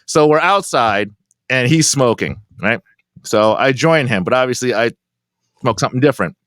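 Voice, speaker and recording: A man co-hosting a podcast, rambling through his side of a story with frequent laughs and halting restarts. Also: mid-range voice, lively intonation, a bit bright, dry recording, clean studio sound. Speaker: podcast co-host. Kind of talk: casual chat.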